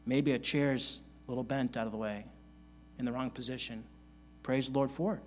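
A man's voice: medium pitch, steady tone, normal speed, slight background noise. A male pastor preaching a sermon in an earnest manner, reading scripture aloud and repeating key phrases for emphasis.

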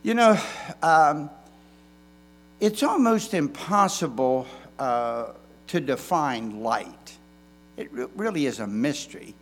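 Slow, folksy preaching man. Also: on the high side, lively intonation. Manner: slow, folksy preaching with emphatic stresses and restarts. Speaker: pastor. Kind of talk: sermon.

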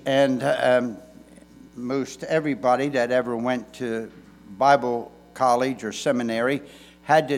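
Male pastor, mid-pitched voice, delivering a drawn-out, folksy church sermon. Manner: slow, folksy preaching with emphatic stresses and restarts.

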